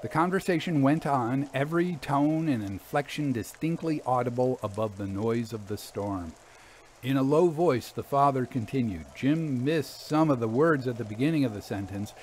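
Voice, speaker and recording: A man reading a classic eerie tale aloud as a measured, scripted narration. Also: medium pitch, lively intonation, a little mellow, a little hiss or hum. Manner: measured storytelling.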